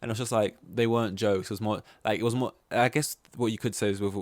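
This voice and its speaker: A man chatting alone on his own podcast in a loose, rambling way, swearing casually and losing his thread now and then. His voice sits a little low. The sound is dry and close, with no room around it. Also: fairly even intonation, fast, no room sound. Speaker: podcast host. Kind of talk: casual solo podcast chat.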